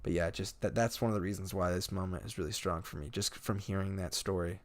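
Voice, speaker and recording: A man's voice: low-pitched, fast talker, no echo. A young man hosting a podcast, chatting casually and telling a story with acted-out quotes. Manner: animated storyteller, acts out quotes. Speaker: podcast host. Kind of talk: casual chat.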